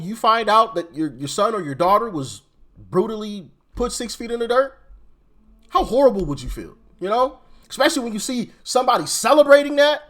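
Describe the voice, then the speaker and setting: A man's voice: high voice, fairly bright tone. A man hosting a reaction commentary channel, talking casually and rambling, often repeating words and restarting sentences.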